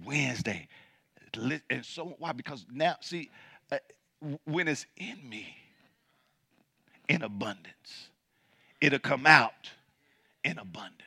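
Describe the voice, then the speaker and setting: Bright-voiced, emphatic male preacher. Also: animated, measured pace, vocal fry, long pauses, breathy edge, no room sound, studio quality. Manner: emphatic preaching, reading scripture aloud and calling out to the congregation; builds from low and quiet to loud and high. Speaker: pastor. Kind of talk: sermon.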